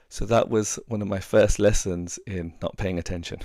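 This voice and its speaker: A man's voice: fairly low pitch, fairly even intonation, unhurried, warm tone, dry recording, studio quality. A middle-aged man, a relationship coach giving earnest, conversational advice and sharing personal stories. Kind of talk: casual advice talk.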